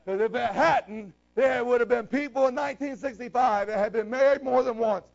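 A man preaching a sermon with passion, breaking into shouts and slowing down to stress his key lines. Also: very high voice, gravelly. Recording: dull lo-fi recording.

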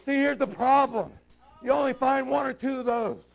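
High-pitched gravelly man preaching. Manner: impassioned, breaks into shouts, slows down to stress key lines. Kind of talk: sermon. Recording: dull lo-fi recording.

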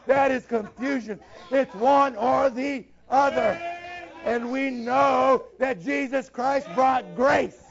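A man preaching in an unusually high, gravelly voice, building to shouts and drawing out the lines he wants to land. The sermon comes through on a dull, muffled lo-fi recording. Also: noisy background. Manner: impassioned, breaks into shouts, slows down to stress key lines.

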